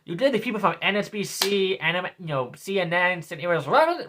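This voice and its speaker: Bright-voiced young man ranting. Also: sits high, big pitch swings, brisk, hardly any pauses. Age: 20s. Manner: sneering, ranting, repeats himself. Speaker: vlogger. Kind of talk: political rant.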